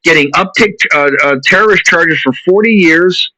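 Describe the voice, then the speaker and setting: Forceful ranting male host. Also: fairly high pitch, normal speed, no room sound. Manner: emphatic, repetitive ranting. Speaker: show host. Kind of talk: heated political commentary. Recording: dull lo-fi recording.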